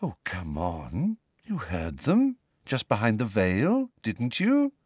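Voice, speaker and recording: A man voicing a dreamy, serene teenage girl witch in an audiobook, calm and matter-of-fact. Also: on the low side, slow, husky, no echo, studio quality, heavily acted.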